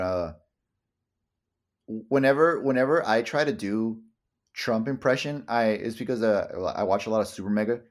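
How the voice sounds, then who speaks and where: A young man co-hosting a casual podcast chat, rambling and swearing often, with many stammered restarts. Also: lowish voice. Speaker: podcast co-host.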